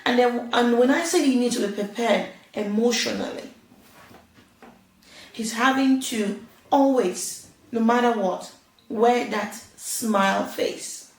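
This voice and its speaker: A woman's voice: on the high side, slow. A woman giving casual parenting advice, earnest and chatty, laughing now and then. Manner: earnest, laughs often, acts out little quoted exchanges. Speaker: parenting vlogger. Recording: roomy echo, distant from mic.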